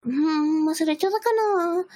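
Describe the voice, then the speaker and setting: A high, squeaky anime girl voice, all sing-song and sugary sweetness, as a woman puts it on for fun. It bounces playfully with exaggerated cuteness, like a cartoon schoolgirl. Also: quick pace, dark tone. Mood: cutesy, playful.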